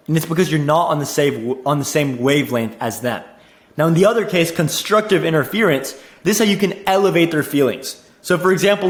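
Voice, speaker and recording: A young man coaching on sales in a casual teaching monologue, energetic, repeating himself and saying "like" and "dude" a lot. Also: a little high, reverberant. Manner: energetic, repeats words, says "dude" and "like" often.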